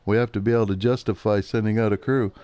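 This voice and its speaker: A man's voice: on the low side, steady tone, fast, dark tone, clean tone. A man ranting in a casual chat while gaming, swearing constantly and retelling an argument line by line.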